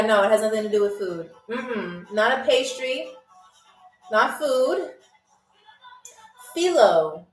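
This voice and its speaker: A chatty woman hosts a live trivia stream and greets her viewers one by one. Her voice sits high. She is a bit distant from the mic in a roomy space with faint music behind. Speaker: game show host.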